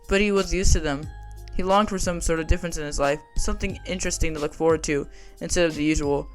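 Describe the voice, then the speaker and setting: A man's voice: on the high side, fairly bright tone. A man narrating a fan audiobook drama in a casual, conversational way.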